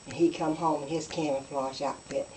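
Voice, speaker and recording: Woman comic, folksy deadpan storyteller, distant faint-hissy recording. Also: low-pitched, normal speed. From West Virginia. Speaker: comedian. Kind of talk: deadpan hillbilly stand-up routine.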